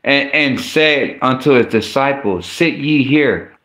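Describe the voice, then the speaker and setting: A man's voice: mid-range voice, lively intonation, takes it slowly, pushed and bright. A man preaching an informal sermon and reading scripture aloud, speaking in a casual, slangy way with frequent stumbles and restarts. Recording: echoey room.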